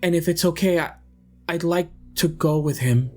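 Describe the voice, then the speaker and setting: A man's voice: on the high side, soft background music, pitched above the performer's own voice, lightly acted. Floor, a hesitant teenage boy, as a man puts him on. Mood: earnest. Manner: hesitant, halting. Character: troubled teenage boy torn between family and a mentor.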